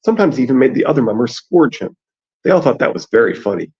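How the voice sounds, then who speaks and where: Gravelly man reading and chatting. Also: mid-range voice, sing-song, fast talker, darkish tone. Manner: reads aloud, then chats about the text. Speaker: podcast host reading aloud. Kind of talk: casual book discussion and reading aloud. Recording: dull lo-fi sound.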